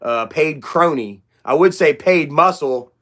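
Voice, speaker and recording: A man's voice: a little high, animated, measured pace, a bit bright. Rambling young man chatting on a livestream. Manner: rambling, loose and profane, heavy on fillers. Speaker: livestream host. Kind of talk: casual livestream chat.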